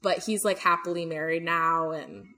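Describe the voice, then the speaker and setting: A woman's voice: fairly low pitch, fairly even intonation, normal speed, crowd noise. A young woman co-hosting a podcast, chatting casually with lots of fillers and swearing. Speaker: podcast co-host. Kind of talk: casual chat.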